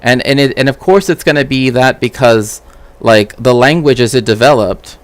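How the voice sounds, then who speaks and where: A man's voice: medium pitch, normal speed, no echo. A man streaming casual commentary as a cultural historian, rambling with frequent "right?" tags and restarts.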